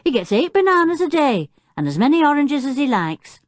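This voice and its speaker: A woman voicing a cheerful circus boy who is proud of his chimpanzee, talking in a bright, eager, chatty way. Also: high voice, sing-song, brisk, dry recording, voice pushed up.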